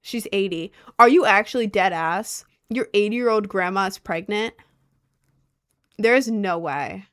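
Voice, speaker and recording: A young adult woman livestreaming, chatting casually and reacting to her chat with lots of slang and quick asides. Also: medium pitch.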